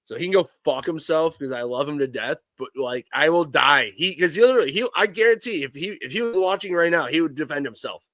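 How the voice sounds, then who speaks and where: A man in his thirties talks on a live sports stream with a slightly high voice. He rambles and restarts his sentences. The sound is close and dry, with no room around it. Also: lively intonation, brisk, hardly any pauses, a bit bright, no room sound. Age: 30s. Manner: rambling storyteller, many restarts, laughs while telling stories. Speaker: co-host. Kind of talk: casual live-stream banter.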